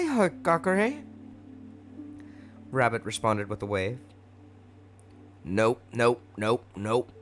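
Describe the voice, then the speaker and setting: A man's voice: fairly low pitch, slight background noise. A man narrating a fanfic story aloud in a casual way with wry asides.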